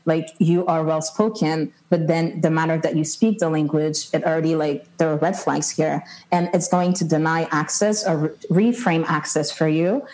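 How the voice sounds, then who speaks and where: A woman with a low, mellow voice speaks on a panel discussion. She is thoughtful and reflective, and she fills her sentences with frequent "like"s as she works through her ideas. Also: steady tone, moderate pace, few pauses, low-quality recording.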